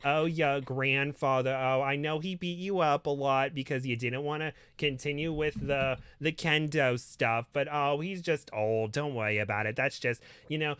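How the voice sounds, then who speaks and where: A man's voice: medium pitch, fairly even intonation, normal speed, hardly any pauses, clear, resonant tone, no echo, close to an everyday voice. A man voicing a doting, fussing old grandmother who frets over her grandson. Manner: coddling, scolding gently.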